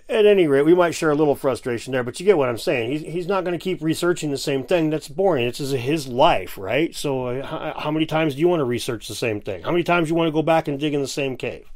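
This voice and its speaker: A man hosting a casual reaction video, ranting with sarcasm and frequent swearing. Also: on the high side. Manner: ranting, sarcastic, profane, animated. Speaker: video host reacting to a clip.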